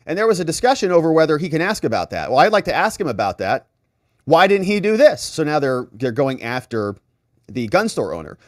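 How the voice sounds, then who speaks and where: A middle-aged male legal commentator walks through a day in court, slipping into the voices of the judge and the attorneys. His delivery swings widely in pitch and drips with sarcasm. The recording is dry and close, with no room sound. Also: fairly quick, dry recording. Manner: animated, acts out quoted lawyers and judge in shifting voices; sarcastic asides.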